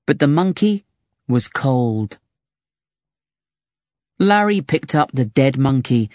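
A narrator reading a children's storybook aloud with slow, expressive delivery. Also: mid-range voice, no room sound.

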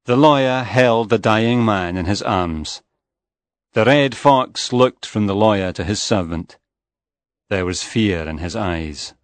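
A man reading a first-person story aloud in a slow, measured and even way. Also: lowish voice, no echo. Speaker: audiobook narrator.

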